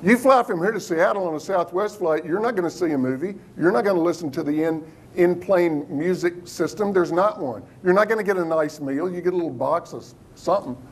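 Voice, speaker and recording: A man giving a motivational business talk to a live audience, lively and engaging, often putting questions to the room. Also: high voice, a little fast, a little hiss or hum. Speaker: keynote business speaker.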